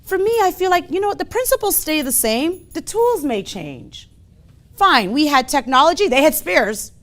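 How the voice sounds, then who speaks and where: A woman's voice: sits high, very animated, moderate pace, fairly bright tone. A woman preaching, telling a parable and reflecting aloud, repeating phrases. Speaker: speaker at a ministry service. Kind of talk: sermon with storytelling.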